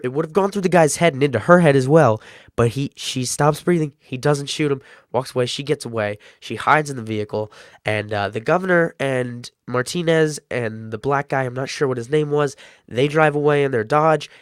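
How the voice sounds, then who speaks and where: A man giving a casual, excitable TV episode review, rambling with many fillers as he retells the plot. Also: mid-range voice, smooth, no room sound, clean studio sound.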